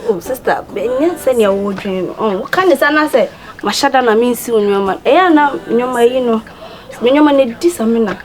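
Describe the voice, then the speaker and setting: A woman's voice: a little high, brisk, slight background noise, lightly acted. An actress playing a young Ghanaian woman making excuses to her older sister, in a film with music behind. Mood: defensive.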